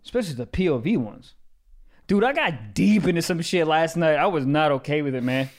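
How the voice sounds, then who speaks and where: Male podcast co-host, rambling confessional comic, lively pitch. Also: fairly quick. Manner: candid, laughs often, rambling. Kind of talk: casual comedic chat.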